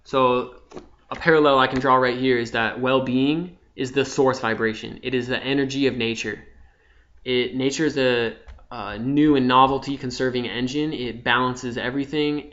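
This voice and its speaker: A young man giving an impassioned, profane spiritual monologue, dropping from hushed to loud. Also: medium pitch, fairly even intonation, normal speed. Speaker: vlogger. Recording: slightly dull lo-fi sound.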